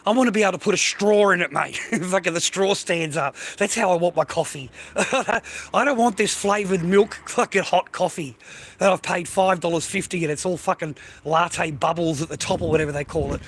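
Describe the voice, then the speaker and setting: A man's voice: sits high, brisk, a bit bright. An older Australian man rambling casually to his livestream viewers, swearing constantly and calling the listener mate and bro. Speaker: livestream host.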